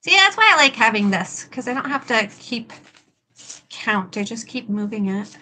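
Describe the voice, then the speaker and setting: A woman's voice: a little high, sing-song, normal speed, bright, forceful tone. A woman hosting a crafting livestream, chatting casually and self-deprecatingly while she works on a costume. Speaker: livestream host and prop maker.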